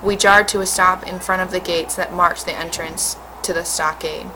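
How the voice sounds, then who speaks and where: Lower-voiced woman reading a story aloud. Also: steady tone, moderate pace, background noise. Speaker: teacher.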